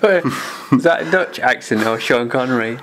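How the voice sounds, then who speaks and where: A man hosting a podcast, chatting casually and briskly moving things along. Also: medium pitch, animated, a bit bright, slight background noise. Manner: brisk, moves the show along. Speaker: podcast host.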